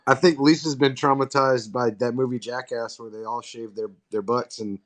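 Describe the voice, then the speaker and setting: A man's voice: medium pitch, steady tone, normal speed, a bit bright, dry recording. A man hosting a livestream, telling crude stories in casual chat and laughing as he goes. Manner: laughing storyteller, crude jokes. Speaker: livestream host.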